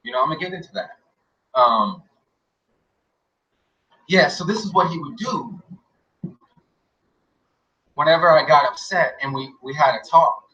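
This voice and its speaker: A man's voice: a little high, animated, a little slow, long pauses, sharp tone, recorded from a distance, lo-fi sound. A man telling a long personal story in a rambling, profane way, with many fillers and restarts. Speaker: guest recounting an experience.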